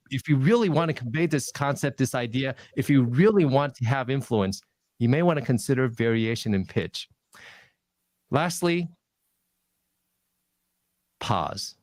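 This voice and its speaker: A man's voice: no room sound, studio quality. A man giving a webinar talk on public speaking, with an emphatic coaching manner. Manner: coaching, emphatic, lively shifts in pitch. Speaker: guest presenter on public speaking. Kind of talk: webinar presentation.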